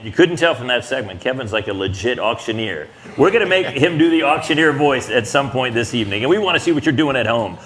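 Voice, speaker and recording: Jokey male TV host, animated voice. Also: mid-range voice, fast, few pauses. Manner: jokey, casual, self-mocking. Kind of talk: hosting a live broadcast.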